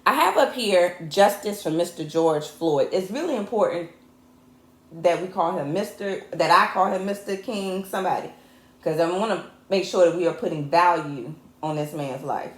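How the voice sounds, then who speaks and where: A woman's voice: lowish voice, moderate pace. Fired-up woman host, echoey room. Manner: impassioned and fired up, mixing jokes with anger; chatty, addresses viewers as y'all. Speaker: host and technical producer. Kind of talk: livestreamed talk show monologue. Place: home show set. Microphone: camera mic.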